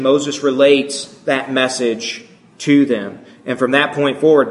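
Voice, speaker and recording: A man's voice: medium pitch, fairly bright tone. A man giving a sermon, reading scripture and voicing the complaints with rising emphasis. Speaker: preacher.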